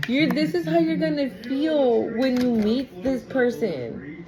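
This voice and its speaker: A woman's voice: sits high, lively intonation, unhurried, a crowd in the background, low-quality recording. A woman giving a casual tarot reading, blunt, emphatic and full of swearing. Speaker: tarot reader.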